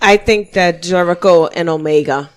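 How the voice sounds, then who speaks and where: A woman's voice: lowish voice, normal speed. A woman co-hosting a casual wrestling podcast, teasing the others with a sassy edge. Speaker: podcast co-host.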